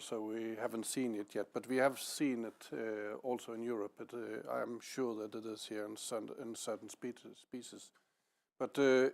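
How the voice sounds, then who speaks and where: A man speaking on a panel for farmers and cooperatives, halting and often restarting or repeating his words. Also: mid-range voice, vocal fry. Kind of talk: panel discussion.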